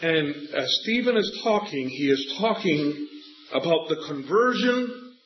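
A middle-aged man preaching a sermon, telling a family story with animated delivery and slowing down to stretch out the scripture lines. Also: fairly high pitch, music in the background. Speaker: pastor. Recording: echoey, slightly dull church recording.

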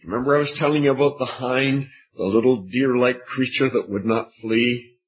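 A man preaching an evening sermon, slow and dramatic, with long pauses and repeated phrases. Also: medium pitch. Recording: dull lo-fi recording.

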